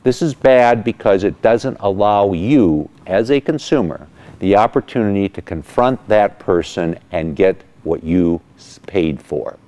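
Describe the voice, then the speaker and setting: Lawyer guy doing a weekly case rundown, low voice, swings up and down a lot. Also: a little slow. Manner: animated storyteller, acts out quotes. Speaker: attorney host of legal segment. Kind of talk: legal explainer commentary.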